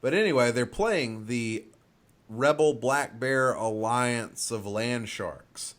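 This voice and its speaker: A man from the Southern US runs a casual sports podcast, moving through the week's matchups with upbeat energy and tossing each game to his co-hosts. His voice sits at a middle pitch for a man, and his delivery is brisk and lively. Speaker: podcast host.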